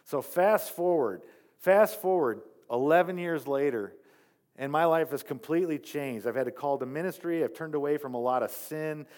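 A male pastor giving a sermon built around a personal testimony, telling the story with animation and dropping to soft, earnest tones when he quotes himself. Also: on the high side, normal speed.

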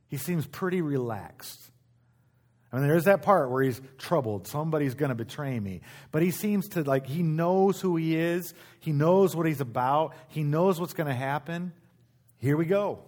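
A man's voice: a little high, expressive, moderate pace, darkish tone. A middle-aged man preaching a sermon as pastor, in a conversational way, repeating key phrases and restarting his sentences.

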